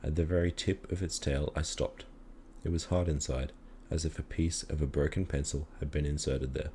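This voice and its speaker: A man calmly reading a children's story aloud in a measured storytelling manner. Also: extremely low pitch, slight background noise. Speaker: reader.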